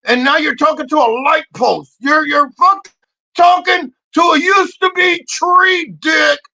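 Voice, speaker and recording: A man voicing a rowdy, foul-mouthed loudmouth who shouts crude mocking rants at his buddy. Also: very high-pitched, measured pace, creaky, no room sound, full character voice, low-quality recording. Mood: outraged. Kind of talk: comedic character sketch.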